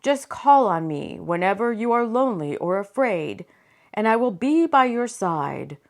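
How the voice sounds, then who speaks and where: A woman voicing a booming divine presence, speaking in a solemn, commanding way. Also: very animated, a little slow.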